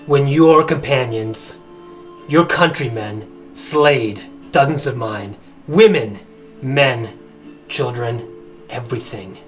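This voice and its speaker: A man's voice: medium pitch, recorded from a distance, faint music behind, close to an everyday voice. A man doing a Scottish-accented grim paladin. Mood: threatening. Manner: menacing, slow and deliberate. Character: battle-scarred male paladin, grim and threatening.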